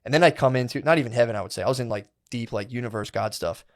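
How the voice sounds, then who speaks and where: A man's voice: medium pitch, rapid-fire. A man in his thirties, a podcast co-host, telling a rambling, profane story in a casual chat and acting out what people said. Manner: rambling, profane, animated retelling with quoted inner voices.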